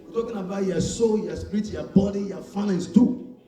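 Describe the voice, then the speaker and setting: A male preacher delivering a sermon, shouting and calling out for responses from his congregation. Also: high voice, brisk. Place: church hall. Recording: echoey church hall, mic far off, faint music.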